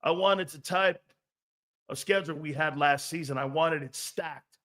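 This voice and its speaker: A man hosting a sports talk stream, brash and profane, reading chat comments and firing back with loud outbursts and mocking asides. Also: a little high, a little slow. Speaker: sports talk show host.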